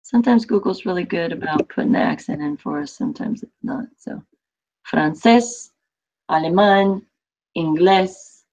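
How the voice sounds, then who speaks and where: A woman's voice: fairly low pitch, animated, fairly quick, gravelly, few pauses, dark tone, slightly rough. Chatty woman teaching a class, lo-fi. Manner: chatty, explains with examples and asides. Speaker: Spanish teacher. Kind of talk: online class instruction. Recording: dull lo-fi audio.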